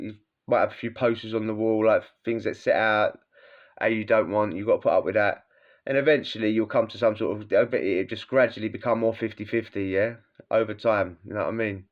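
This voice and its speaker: A man's voice: lowish voice, steady tone, fairly quick. Slangy British man with dull sound. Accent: British English. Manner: slangy, swears freely, laughs through stories. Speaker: former prisoner telling stories. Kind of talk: casual storytelling.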